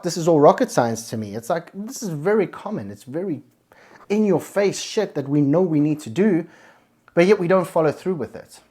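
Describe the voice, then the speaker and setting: A man's voice: a little high, darkish tone. A man hosting a podcast, giving a blunt, emphatic motivational monologue full of swearing. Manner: blunt, heavily profane, emphatic. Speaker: podcast host.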